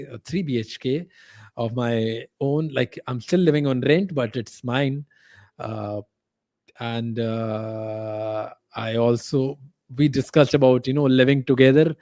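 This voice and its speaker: A man tells a heartfelt personal story as a podcast guest, pausing often on fillers and restarting his sentences. His voice sits at a middle pitch. The recording is dry and close to the mic. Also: a little mellow, no echo. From India. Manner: halting, many fillers and restarts.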